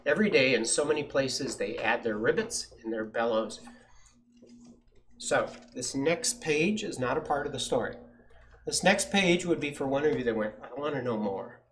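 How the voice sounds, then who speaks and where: A man's voice: medium pitch, normal speed, a little hiss or hum. A man at a science center reading a picture book aloud to children and asking them questions. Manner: lively storyteller, asks kids questions.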